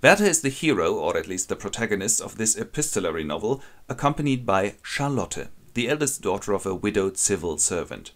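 A man's voice: lowish voice, sing-song, fairly quick, few pauses. A man wryly retelling a classic novel as a comic summary. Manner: wry, ironic storytelling. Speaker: narrator.

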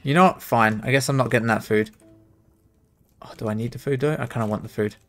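Soft music plays behind a young man with a medium-pitched voice who talks fast while streaming a speedrun. He mutters to himself and exclaims at the game as he plays.

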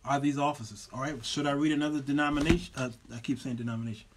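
A man's voice: medium pitch, steady tone, racing, background noise. A man hosting his own show, teaching from the Bible in a loose, folksy way and stacking repeated words as he builds a point. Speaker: show host and preacher.

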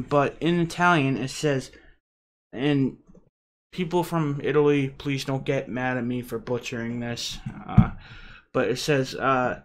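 A man's voice: medium pitch, steady tone, measured pace. A man hosting a casual unboxing vlog, chatty and rambling, with frequent "uh" fillers. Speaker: channel host.

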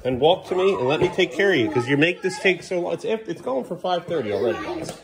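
A man with a highish, creaky voice talks very animatedly and quickly over background noise. He's a father filming a casual family vlog in his kitchen at home, coaxing his kids, then turning firm, and breaking off for chatty asides to the camera while he narrates and looks after them.

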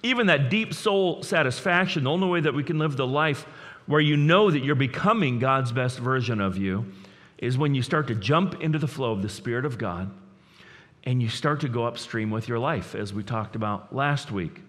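A male pastor preaching with rising energy, his voice climbing and pushing hard at the excited peaks before settling back down. His middle-pitched voice carries a long reverb from the church hall around him, and he stumbles into repeated words when fired up. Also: normal speed. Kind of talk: sermon.

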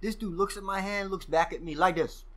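Male guest, casual profane storyteller, animated delivery, bright tone. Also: high-pitched, brisk. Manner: profane, animated storyteller who acts out quoted exchanges. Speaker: podcast guest.

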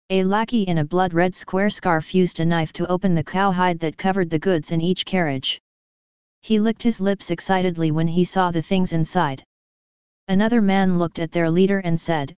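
A woman narrating an audiobook in steady scripted storytelling, recorded close on a studio mic. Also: fairly low pitch, moderate pace, clear, resonant tone, no echo.

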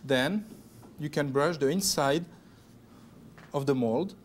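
Man, French accent, pastry chef demo, joking instructions, slightly high voice, faint background noise. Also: slow pace. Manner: chatty, joking, step-by-step instructions. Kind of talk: cooking demonstration. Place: TV kitchen studio.

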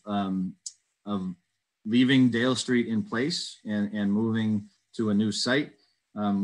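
A man chairs an online public meeting and reads residents' questions aloud. His voice sits low. He answers carefully and hesitantly, with plenty of ums and uhs, over a video call. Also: low-quality recording.

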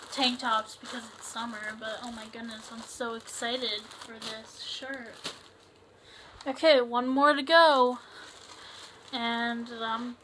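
A young woman vlogging a casual unboxing of a clothing haul, excitable and chatty, full of fillers and gushing exclamations. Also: fairly high pitch, noisy background.

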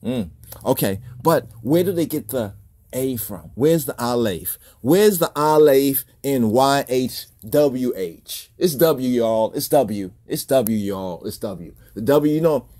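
A man's voice: mid-range voice, animated, slow pace, dark tone. A man hosting a religious video, talking in a casual monologue full of repeated rhetorical questions and chuckles.

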